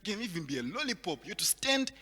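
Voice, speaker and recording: A man from Zimbabwe delivers a stand-up set in a high, bright, sharp voice that leaps up and down as he acts out the people in his stories. His lines ring out with a long hall reverb behind him. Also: racing, husky. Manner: animated storytelling, acts out characters with big swings in loudness. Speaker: stand-up comedian. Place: large hall at a virtual event.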